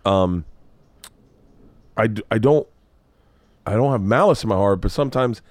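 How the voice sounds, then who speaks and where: A man's voice: on the low side, moderate pace, no room sound. A man hosting a podcast in casual chat, rambling and profane, and poking fun at himself. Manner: rambling, profane, self-deprecating. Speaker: podcast host.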